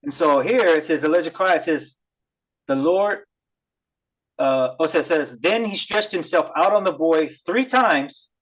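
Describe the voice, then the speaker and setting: On a podcast, a man loosely retells Bible stories in a casual chat, reading verses, paraphrasing them, acting out quotes, and using plenty of fillers. His fairly high, fairly bright voice moves at a measured pace, and the recording is rough.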